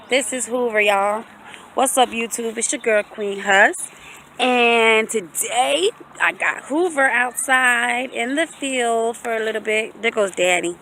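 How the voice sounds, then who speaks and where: A woman's voice: a little high, takes it slowly, sharp tone, slight background noise. A young woman, filming a casual vlog outdoors in a field, talking in sing-song baby talk to her dog. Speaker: vlogger.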